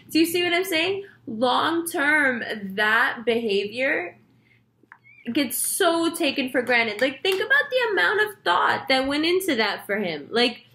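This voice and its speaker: A woman's voice: high voice, pushed and bright. A young woman, a tarot reader, chatting to her viewers in a casual monologue and acting out the voices in her story.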